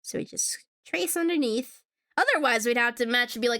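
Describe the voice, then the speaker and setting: Woman VTuber, slightly high voice, casual drawing-stream chatter, giggly, hums along. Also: fairly quick, a bit bright. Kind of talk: casual live-stream chat while drawing.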